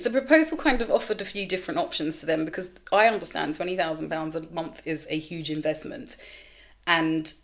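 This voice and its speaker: Woman host, middle-aged, lower register, candid sweary storytelling. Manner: expressive, sweary, animated retelling with quoted inner voices. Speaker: podcast host. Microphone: camera with mic, solo recording.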